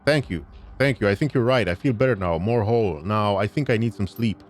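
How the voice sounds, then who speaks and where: A man's voice: lowish voice, a little hiss or hum, voice pushed down, natural voice. Man reading as a jittery drug-addled shaman. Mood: relieved. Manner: halting, repetitive.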